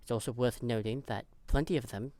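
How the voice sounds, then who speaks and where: A man voicing a calm, measured male Vulcan officer in a tabletop role-play, explaining matter-of-factly. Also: mid-range voice, lightly acted.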